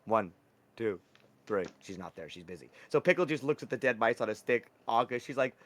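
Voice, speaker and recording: A man's voice: medium pitch, animated, brisk. A young man running a tabletop game as dungeon master, narrating in a loose, rambling way and swearing casually.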